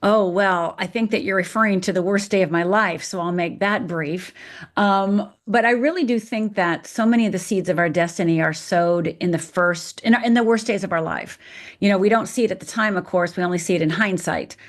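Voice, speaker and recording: A woman's voice: medium pitch, fairly quick. A middle-aged woman from Upper Michigan, a podcast guest, telling her personal story frankly and vividly. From Upper Michigan, USA. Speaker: guest, fear expert.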